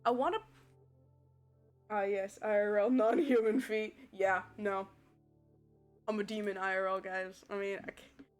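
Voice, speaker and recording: A woman's voice: medium pitch, fairly even intonation, measured pace, pauses often, a little mellow, soft background music. A woman streaming a game live, chatting casually with her chat and giggling often. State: voice tiring. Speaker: VTuber streamer.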